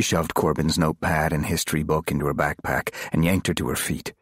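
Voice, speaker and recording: A man narrating a thriller audiobook in a measured, dramatic reading. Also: very deep voice, fairly even intonation, slightly rough, dry recording, studio quality. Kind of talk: scripted narration.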